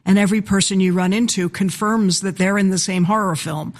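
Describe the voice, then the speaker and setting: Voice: medium pitch, fairly even intonation, brisk. An interviewee recalls events in a reflective, articulate way. The voice sits in a middle register. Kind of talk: reflective recollection.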